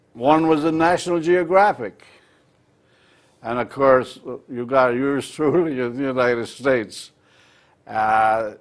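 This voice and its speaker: Slow-spoken older Irish man reminiscing. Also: medium pitch. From Ireland. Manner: measured, with frequent "uh" pauses. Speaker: interview guest. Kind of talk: reminiscing in a local TV interview.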